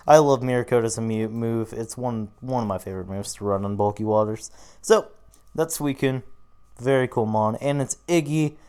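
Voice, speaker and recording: A tired young YouTuber talks casually through his team picks in a draft analysis, his mid-range voice dark and clean. He rambles with fillers, swears often, and yawns.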